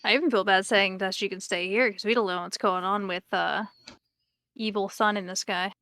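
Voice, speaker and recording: A woman playing a tabletop game, making quick joking asides. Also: mid-range voice, steady tone, a bit bright, no echo. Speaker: player. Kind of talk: casual tabletop play.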